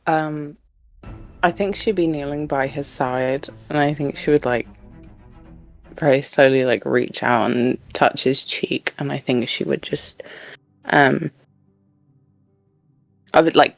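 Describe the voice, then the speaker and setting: A woman's voice: low voice, slow, long pauses, no echo, faint music behind. A woman player in a tabletop role-play who hesitantly describes her character's actions, with many fillers and laughs.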